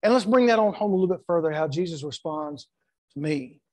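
A man's voice: on the high side, animated, a little fast, darkish tone, no echo. A middle-aged man preaching a church sermon, emphatic, repeating words and acting out quotes. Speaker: pastor. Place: church sanctuary.

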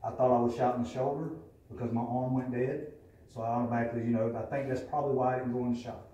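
A man's voice: medium pitch, fairly even intonation, fast, warm tone, lo-fi sound. Candid man in an echoey hall. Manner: candid, profane, plainspoken storytelling. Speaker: recovery meeting speaker. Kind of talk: personal testimony. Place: meeting room. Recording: echoey room from a distance.

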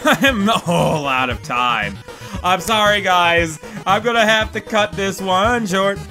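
A man giving gameplay commentary, excitable, yelling and swearing in panic. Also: high-pitched, measured pace, soft background music. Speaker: let's play host.

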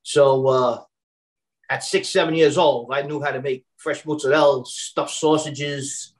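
On a low-quality video call recording, a man from Brooklyn, New York who works as a personal chef chats casually in a steady, mid-range voice, a little slow. He rambles chattily with many fillers, restarting lines and repeating words when he begins.

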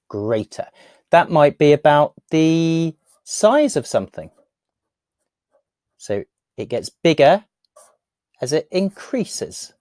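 A woman's voice: low voice, dark tone, no echo, studio quality. A woman teaching a word in a patient, playful tutorial, repeating it often for learners. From England. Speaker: speech and language teacher.

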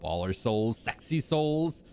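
A man's voice: medium pitch, big pitch swings, takes it slowly, warm tone. A man hosting a live gameplay stream, chatting upbeat with his viewers and greeting them casually.

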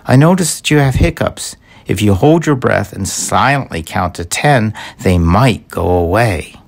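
A man voicing a kind, cheerful female hedgehog in a storybook reading, raising his voice and pitch for her. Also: expressive, a little slow, vocal fry. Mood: friendly, eager. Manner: eager, friendly, raised pitch.

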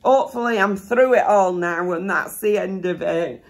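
Gravelly Yorkshire mum vlogger, sore throat. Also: female voice, mid-range voice, moderate pace. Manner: rambling, homely, filler-heavy. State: sore throat, voice a bit rough; slightly out of breath. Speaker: haul vlogger. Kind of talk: casual chatty haul vlog. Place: seated indoors.

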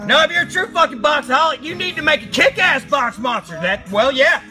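A man hosting a live stream, reading chat and ranting loudly with crude jokes and roars. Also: very high-pitched, animated, brisk, few pauses, low-quality recording. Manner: loud shouting, crude and jokey, often roaring. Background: faint music playing.

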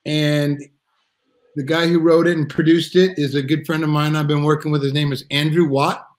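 A middle-aged man, a drummer appearing as a guest, tells a story on a casual live video chat through a video-call mic. His voice is fairly high with a level tone and moderate pace, the recording low in quality, and he rambles, restarts, and acts out quotes.

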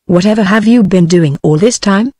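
A woman's voice: lowish voice, moderate pace, a little mellow, dry recording, clean studio sound, lightly acted. A computer-generated woman's voice with a British English accent reading the fretful, complaining questions of a woman waiting at home.

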